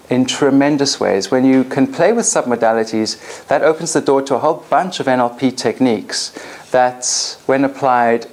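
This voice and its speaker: A woman trainer leading a live coaching demonstration in front of an audience, animated and directive. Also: very deep voice.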